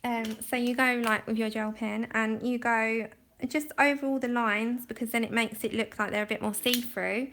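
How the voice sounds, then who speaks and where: A woman's voice: on the high side, steady tone, normal speed, fairly bright tone, slight background noise. Giggly woman chatting on a colouring stream. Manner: giggly, laughs often, chatty and self-deprecating. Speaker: livestream host. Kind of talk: casual livestream chat while colouring. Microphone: phone mic.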